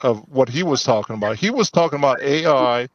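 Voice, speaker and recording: A man chatting casually on a drawing stream, animated and quick to laugh. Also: mid-range voice, no room sound. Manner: laughs often, animated storytelling. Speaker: co-host of an art stream. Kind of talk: casual chat. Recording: dull dry sound.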